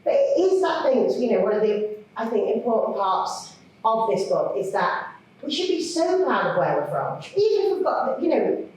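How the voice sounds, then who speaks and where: Animated woman in echoey hall. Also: fairly high pitch, moderate pace, far from the mic. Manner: chatty, animated, self-mocking. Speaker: children's author. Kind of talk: author talk to an audience. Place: large hall.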